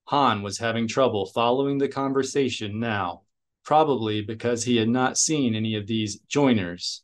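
A man reading an audiobook aloud in a steady, unhurried narrating voice. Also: medium pitch. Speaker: audiobook reader.

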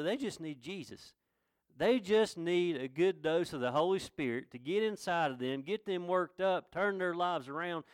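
A man's voice: on the high side, clean tone, dry recording, studio quality. Earnest preacher man. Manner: folksy, earnest preaching with rising proclamations. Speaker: pastor. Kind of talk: sermon.

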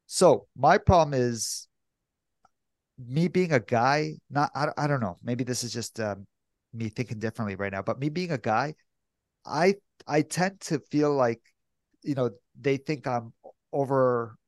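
Male co-host, mid-pitched, self-doubting rambler, dry booth sound. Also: a little slow, dry recording. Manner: hesitant, self-doubting storyteller. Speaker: podcast co-host. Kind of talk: casual chat.

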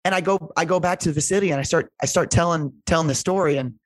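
Racing through his stories in a fairly high voice, this man, a strength coach, talks casually and with real emotion and earnestness. He rambles, constantly leaning on "like" and "right?". The recording has no room sound.

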